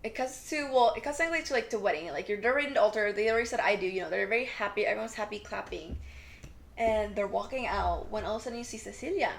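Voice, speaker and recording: A woman's voice: medium pitch, racing, vocal fry. A young woman co-hosting a podcast, retelling a TV episode in casual chat, acting out the characters' lines and saying "like" a lot. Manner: animated storytelling, acts out quotes, many "like" fillers. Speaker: podcast co-host.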